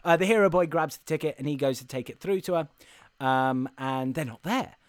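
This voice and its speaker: A man's voice: a little high, brisk, clean tone, no room sound. A man co-hosting a podcast, recapping a film in a rambling, sweary casual chat. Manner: rambling, sweary, laughs often. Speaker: podcast co-host reviewing a film.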